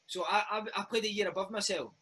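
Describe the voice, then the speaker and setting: A Scottish former footballer, maybe in his thirties, telling lively, laughing stories in a casual interview. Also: high-pitched, fast, breathy edge, poor audio. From Scotland. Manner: lively, laughing, says mate a lot. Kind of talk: casual storytelling chat.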